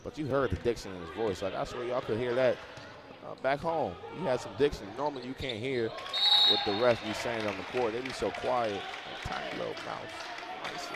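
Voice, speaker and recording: A man doing casual, chatty play-by-play for a college basketball game. He sometimes bursts into loud, excited calls on big plays. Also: mid-range voice, fairly quick, over a noisy crowd, heavy background noise. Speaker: play-by-play commentator.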